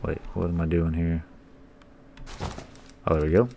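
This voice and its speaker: Young guy doing let's play commentary, real low voice, swears and laughs a lot, faint hiss behind. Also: flat delivery, a little slow, gravelly, warm tone. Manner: reads game dialogue aloud, swears casually, laughs often. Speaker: gaming channel host.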